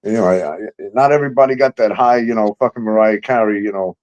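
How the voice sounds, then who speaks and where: A man's voice: fairly low pitch, fast, a little mellow, muffled recording. A man hosting a casual talk show, ranting heatedly and swearing a lot. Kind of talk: casual profane chat.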